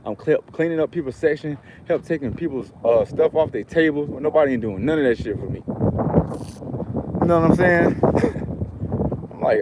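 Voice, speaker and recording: A man's voice: a little high, very animated, normal speed, long pauses, noisy background. A man from Georgia, telling a heated, profane story in a casual rant to camera. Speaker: vlogger.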